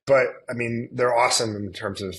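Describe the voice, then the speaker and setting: A man speaking as a podcast guest in an easygoing, rambling way, circling back on himself with fillers and restarts. His voice sits in a middle pitch. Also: fairly even intonation, a little fast, a bit bright, poor audio. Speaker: guest, influencer marketing agency CEO. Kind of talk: casual conversational interview.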